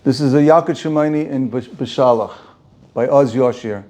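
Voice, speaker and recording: Animated rabbi with a mellow voice. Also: male voice, medium pitch, normal speed. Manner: animated, rhetorical questioning, repeats phrases for emphasis. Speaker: rabbi teaching a class. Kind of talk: Torah lecture to students.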